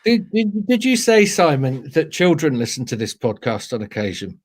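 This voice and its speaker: A British man, a storyteller, telling funny anecdotes in a playful, animated way during a casual interview. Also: on the high side, moderate pace, breathy edge. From Britain. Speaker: storyteller guest.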